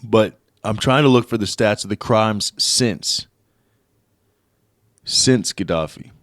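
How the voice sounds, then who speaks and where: A young man from the United States hosting a casual solo podcast, swearing and rambling as he looks things up and reads aloud haltingly. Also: on the low side, fairly bright tone, no echo, studio quality. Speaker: podcast host.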